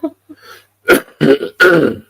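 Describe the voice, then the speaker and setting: A man hosting a casual livestream chat, stuffed up from a head cold, swearing freely and clearing his throat often. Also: on the high side, big pitch swings, very slow, pushed and bright, no echo, poor audio. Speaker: livestream host.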